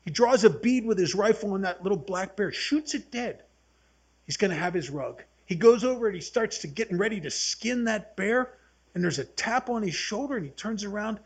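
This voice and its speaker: A man's voice: high-pitched, animated, moderate pace, husky. A man in his seventies leading a recovery workshop, talking earnestly and telling folksy stories to a group. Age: 70s. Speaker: AA workshop speaker.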